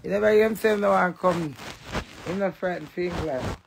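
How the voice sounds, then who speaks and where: Woman, Jamaican accent, defiant cussing rant, gravelly texture, vlog monologue. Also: on the low side, moderate pace, noisy background. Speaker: vlogger. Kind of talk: ranting monologue to camera.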